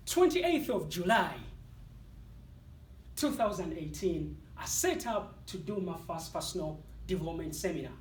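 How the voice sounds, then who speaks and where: A man with an African accent giving a motivational speech to an audience in a competition, with dramatic, deliberate delivery and punchy pauses. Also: sits high, expressive. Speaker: motivational speaker. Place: speaking hall with live audience. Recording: echoey hall, voice from far off.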